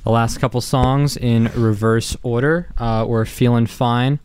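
A man's voice: medium pitch, steady tone, unhurried, darkish tone. A man co-hosting a casual radio show, teasing his friends and reading announcements with mock drama. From Italian heritage. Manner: joking, teasing, reads PSAs with mock drama.

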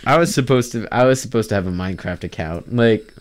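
A man's voice: lowish voice, slight background noise. Giggly man in playful banter. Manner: giggly, playful, quick to laugh. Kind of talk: casual comedic banter.

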